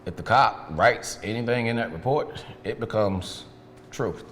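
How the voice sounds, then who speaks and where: A man's voice: on the low side, measured pace, a bit bright, a little hiss or hum. A man in a sit-down interview, frankly recounting his past and retelling events with quoted dialogue. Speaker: interview guest, detailing business owner. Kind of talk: candid storytelling in a sit-down interview. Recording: long reverb with faint background ambience.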